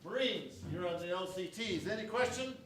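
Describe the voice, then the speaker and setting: A man acting a brisk military officer who gives orders to the troops in a stage musical. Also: high-pitched, expressive. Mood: commanding. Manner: commanding, barks orders. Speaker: stage actor. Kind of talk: live musical theatre acting. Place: large theatre stage. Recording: echoey stage from far off, noisy.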